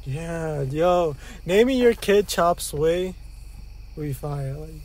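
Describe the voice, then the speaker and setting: A man's voice: a little high, expressive, slow, a little mellow, a little hiss or hum. A young man co-hosting a podcast in casual chat, laid-back and slangy, saying bro a lot. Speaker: podcast co-host.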